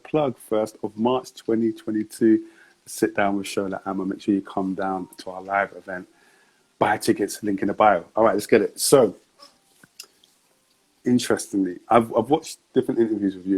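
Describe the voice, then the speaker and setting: A male host runs a casual sit-down interview in a fairly low voice with a husky edge. He is relaxed and laughs often between questions. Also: moderate pace, low-quality recording.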